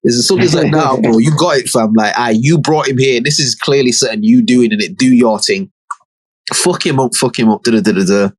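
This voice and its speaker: Guy on a podcast, super animated, acting out all the characters, dry close sound. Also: medium pitch, fairly quick, breathy edge, no room sound. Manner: animated, acts out characters' lines with slang and swearing. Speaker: podcast co-host. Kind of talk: casual chat, retelling a TV episode.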